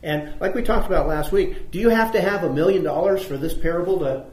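Man, preacher, Bible class, fairly high voice, questions to the room, echoey hall. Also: a little fast, darkish tone. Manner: asks the audience questions, repeats points for emphasis. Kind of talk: conversational Bible lesson. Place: church room with audience.

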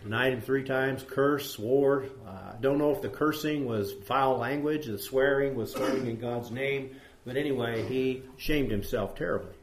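A man's voice: mid-range voice, moderate pace, hardly any pauses. A man teaches scripture to a small group, his voice sitting in the middle range. He wanders into side stories and keeps asking questions. The room around him rings with echo. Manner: rambling, asks the group questions, many fillers. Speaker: Bible teacher. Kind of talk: conversational Bible study sermon. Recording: echoey room.

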